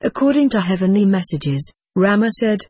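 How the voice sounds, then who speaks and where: A text-to-speech voice narrating an audiobook with a flat, even synthetic delivery. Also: medium pitch, normal speed, slightly rough, dry recording.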